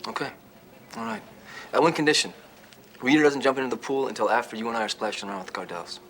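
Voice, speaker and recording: An actor playing an easygoing, quick-talking police detective. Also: male voice, mid-range voice, a bit bright, slight background noise, lightly acted. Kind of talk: TV crime drama acting.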